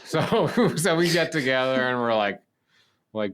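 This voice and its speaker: A man's voice: medium pitch, a little slow, clear, resonant tone. A man co-hosting a podcast, telling a story in a casual chat, laughing often and saying "like" a lot. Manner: laughing, lively, says "like" often. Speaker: podcast co-host.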